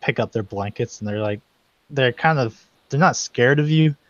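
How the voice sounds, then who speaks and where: A man's voice: mid-range voice, normal speed, a bit bright, no room sound. A man narrating as game master in a tabletop game, loose and full of fillers, on slightly muffled call audio. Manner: loose, hesitant, many fillers.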